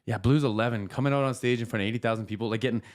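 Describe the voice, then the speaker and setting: A man's voice: medium pitch, racing. A man hosting a podcast live stream, talking casually, full of fillers and easy laughs. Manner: chatty, laughs easily, many fillers. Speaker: podcast host.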